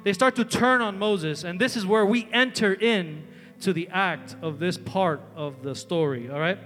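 A man giving a youth sermon in a large hall with an audience, telling a story in a chatty, energetic way full of fillers. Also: high-pitched, moderate pace. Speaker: youth preacher.

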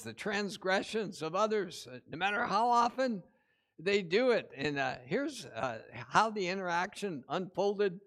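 A male pastor preaching a sermon, retelling a parable with animated emphasis and frequent "uh" fillers. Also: sits high. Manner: many "uh" fillers, animated storytelling with rising emphasis.

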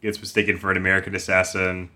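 Male co-host, very deep, flat delivery, bright edge, laid-back and deadpan. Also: racing. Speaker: podcast co-host. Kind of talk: casual chat.

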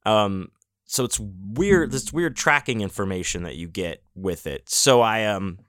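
A man's voice: on the low side, lively intonation, measured pace, a bit bright, no room sound, clean studio sound. A man hosting a podcast, talking in a casual, rambling monologue full of restarts and fillers, with the odd swear word. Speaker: podcast host.

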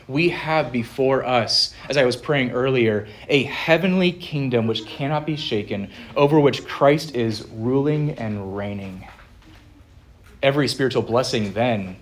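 A man preaching a sermon as pastor, earnest, slowing down and swelling louder on the key phrases. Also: medium pitch.

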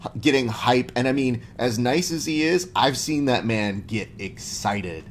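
A man's voice: medium pitch, expressive, unhurried, slight background noise. A young man hosting a podcast in a laid-back, slangy chat, full of "dude" and storytelling. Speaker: podcast host. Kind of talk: casual interview chat.

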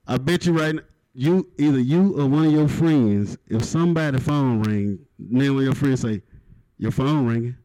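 A man, doing a profane stand-up set at an open mic and punching lines with loud outbursts. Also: mid-range voice, normal speed, no echo, poor audio. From Mississippi, USA. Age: 30s. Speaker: stand-up comedian. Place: open mic stage in a live venue.

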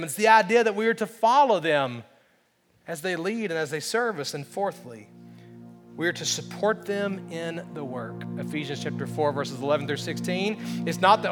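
High-voiced earnest male pastor preaching. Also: expressive, normal speed, big-room sound, over music. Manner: earnest, emphatic, repeats key phrases. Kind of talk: sermon.

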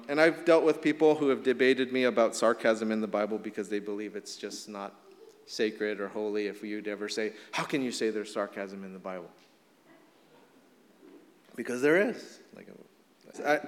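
A middle-aged male pastor preaching a casual, animated sermon with many fillers. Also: medium pitch, long reverb tail.

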